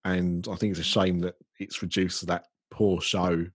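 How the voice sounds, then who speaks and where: A man's voice: deep voice, little pitch movement, normal speed, breathy edge. A British man hosting a casual podcast chat, rambling easily with many ums and restarts. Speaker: podcast host.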